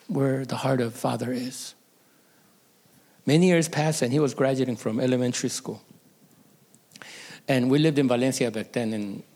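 A man's voice: mid-range voice, a little mellow. A middle-aged man, a pastor, telling a personal story in a sermon, emotional and at times dropping to a whisper.

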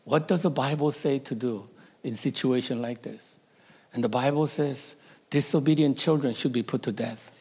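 A man's voice: mid-range voice, normal speed, darkish tone, slight background noise. A middle-aged man, a pastor, telling a personal story in a sermon, emotional and at times dropping to a whisper.

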